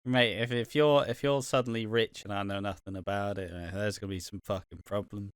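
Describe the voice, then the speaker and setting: A man's voice: fairly low pitch, fairly even intonation, brisk, clean tone, no echo, studio quality. A man from Britain co-hosting a podcast, trading sweary, joking banter. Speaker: podcast co-host. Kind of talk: casual chat.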